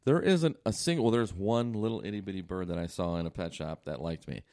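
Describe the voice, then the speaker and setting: A man's voice: low voice, fast, warm tone. A man co-hosting a casual podcast, telling profane stories and often breaking into laughter. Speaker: podcast co-host. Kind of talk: casual storytelling.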